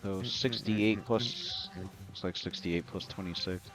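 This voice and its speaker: A man's voice: lowish voice, measured pace, over music. A man running a tabletop game as game master, narrating the scene and working out damage aloud with many fillers.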